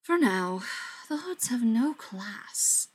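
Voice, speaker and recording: A woman voicing a condescending male vampire elder in an audiobook, speaking in a slow, mocking drawl. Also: medium pitch.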